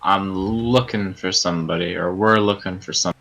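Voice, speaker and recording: A man's voice: sits low, fairly even intonation, normal speed, creaky, fairly bright tone, slight background noise. A man playing a tabletop game, blunt and joking in casual chat. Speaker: player.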